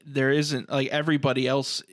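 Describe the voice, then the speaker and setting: A man co-hosts a horror film podcast, talking in an animated way that stops and starts on fillers and breaks into chuckles. His voice is mid-pitched and recorded very dry, with no room sound around it. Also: brisk, no echo. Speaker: podcast co-host. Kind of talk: casual film discussion.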